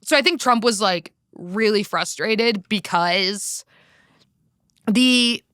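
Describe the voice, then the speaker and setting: Bright, clear American woman podcaster. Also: mid-range voice, takes it slowly, no echo, studio quality. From United States. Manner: candid, swears freely, lots of "like". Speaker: podcast co-host. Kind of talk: casual political chat.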